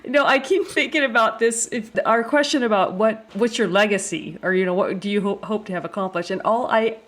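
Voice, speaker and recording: A woman co-hosting a book podcast, chatty and quick to laugh as she wraps up an interview. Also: medium pitch, fairly bright tone. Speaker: podcast co-host. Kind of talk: casual interview chat.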